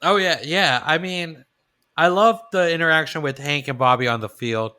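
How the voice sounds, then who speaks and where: A man co-hosting a podcast, chatting casually about a cartoon episode with relaxed, agreeable reactions and fillers. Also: a little high, moderate pace, clean tone. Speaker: podcast co-host.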